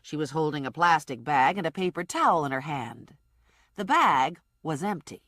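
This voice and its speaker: A woman's voice: low voice, expressive, moderate pace, a bit bright, dry recording. A woman narrating a comic audiobook in first person with dry, wry storytelling.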